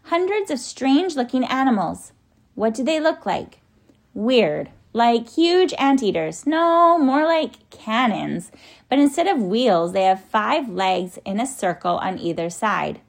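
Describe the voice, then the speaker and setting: A woman voicing a bold young boy with a dry, excitable manner. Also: mid-range voice, moderate pace, gravelly, hardly any pauses. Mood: excited.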